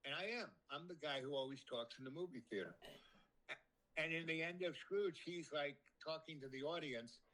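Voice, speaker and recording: A man telling a casual, rambling anecdote with many ums and restarts, lifting his voice high when he quotes people. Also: normal speed, fairly bright tone, poor audio. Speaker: storyteller guest.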